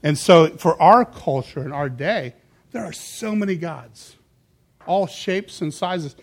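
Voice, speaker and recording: A middle-aged man preaching a sermon as a pastor, telling stories and acting out quotes in a raised, lively voice. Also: on the high side, slow pace, vocal fry. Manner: animated storytelling, acts out quotes in a raised voice.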